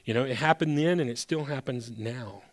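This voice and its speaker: A male pastor delivering a sermon in a mid-pitched voice. His preaching is conversational yet emphatic, and he often backs up and restarts sentences as he drives his points home. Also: normal speed.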